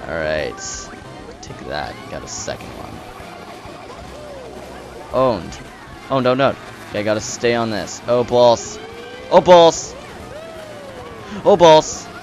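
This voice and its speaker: Excitable young man yelling over a race. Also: on the low side, slow pace, long pauses, faint music behind. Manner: excitable, cursing, shouts at rivals. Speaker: let's play gamer. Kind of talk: live gameplay commentary.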